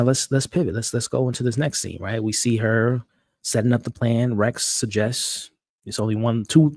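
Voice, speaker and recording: A show host with a somewhat low voice recaps a TV episode on a live stream, speaking excitably and often repeating words as he restarts sentences. The audio is dry and close with no room echo, and a dog can be heard in the background.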